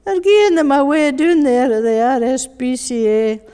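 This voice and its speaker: A woman's voice: high voice, fairly even intonation, normal speed, dark tone, clean tone, voice pushed up, lightly acted. A woman voicing a small boy with a Glasgow accent who pleads with his father for a dog, in a wheedling sing-song. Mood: pleading. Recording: long reverb of a large hall.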